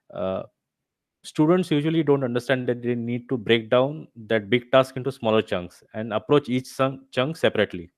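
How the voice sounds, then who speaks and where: A man's voice: mid-range voice, no room sound. A man teaching a live online revision session, explaining step by step and checking with his students as he goes. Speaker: instructor. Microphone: video call.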